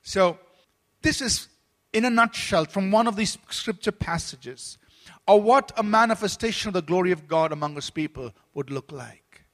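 A man's voice: sits high, lively intonation, moderate pace, fairly bright tone. A man preaching a sermon as pastor at a church service, earnest, with restarts and repeated words. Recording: long hall reverb.

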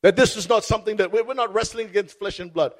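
High-voiced preaching man on stage. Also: fast talker. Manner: impassioned storytelling, repeats phrases. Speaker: pastor. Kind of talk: sermon. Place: stage before a congregation.

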